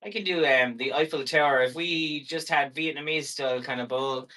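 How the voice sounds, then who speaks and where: A man's voice: on the high side, moderate pace, pushed and bright. A man hosting a live selling stream, chatty and playful as he rambles through each item. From Ireland.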